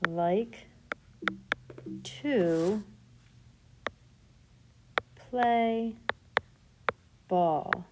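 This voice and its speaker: A woman teaching a recorded grammar lesson, reading example sentences slowly and deliberately. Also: fairly low pitch, noisy background. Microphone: tablet microphone.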